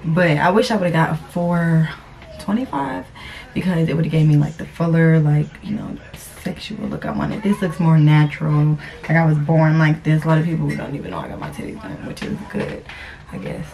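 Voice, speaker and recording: Young woman, lowish voice, cussing a lot, phone vid w/ background hiss. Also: fairly even intonation, normal speed, creaky, darkish tone. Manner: blunt, cusses freely, groans in pain. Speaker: vlogger. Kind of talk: casual confessional vlog. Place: car, then indoors at home. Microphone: phone camera. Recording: noisy phone recording.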